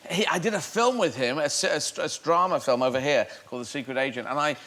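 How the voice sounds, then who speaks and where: A man's voice: on the high side, fast talker, a bit bright. A middle-aged man, a comedian guest on a chat show, telling rambling stories playfully and laughing often. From England.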